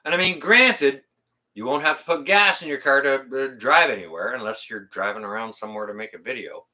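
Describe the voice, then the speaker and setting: Reading viewer comments during a casual livestream, this man hosting his own YouTube channel talks briskly in a medium-pitched, pushed and bright voice. He's plain-spoken and blunt, curses freely, and rambles while correcting himself as he goes.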